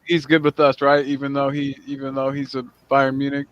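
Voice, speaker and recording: A man's voice: mid-range voice, monotone, a little fast, dry recording, lo-fi sound. An American man in his late twenties hosting a casual chat, rambling and laughing easily. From United States. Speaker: podcast host.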